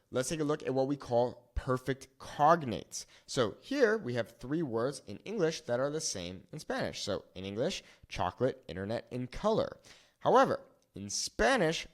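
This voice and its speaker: A man teaching a lesson at a whiteboard, repeating words slowly to show how they sound. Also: medium pitch. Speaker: Spanish teacher.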